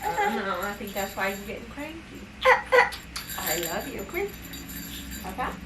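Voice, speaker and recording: A woman's voice: medium pitch, sing-song, fairly quick, heavy background noise. A woman vlogging at home and reading a bedtime story to her baby, playful and sing-song with animal sounds. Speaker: vlogger, mother.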